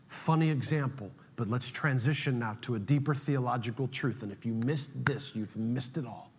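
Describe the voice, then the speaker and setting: Animated pastor with husky voice. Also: male voice, on the high side. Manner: animated, emphatic, humorous storytelling. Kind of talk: sermon. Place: church sanctuary. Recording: long hall reverb, faint music.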